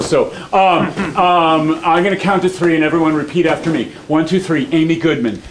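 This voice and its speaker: A man's voice: fairly high pitch, steady tone, moderate pace, hardly any pauses. A man doing a rambling, jokey live performance piece, laughing and leading the audience in chants. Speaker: performance artist. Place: small venue with live audience. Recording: live room with loud crowd.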